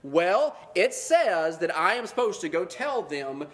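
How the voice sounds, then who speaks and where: Male preacher, high voice, animated sermon delivery with mocking asides. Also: unhurried. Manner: animated, mocking put-on voices of self-righteous believers.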